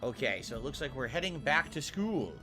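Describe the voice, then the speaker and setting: A man streaming a video game, chatting casually and swinging from loud excited outbursts to low muttering. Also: a little fast, over music. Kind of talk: casual gameplay commentary.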